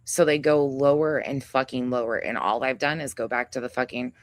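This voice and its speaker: A woman's voice: rumbling low, steady tone, brisk. Angry profane woman ranting on a livestream. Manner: reads chat names aloud. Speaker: livestream host. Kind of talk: heated livestream rant.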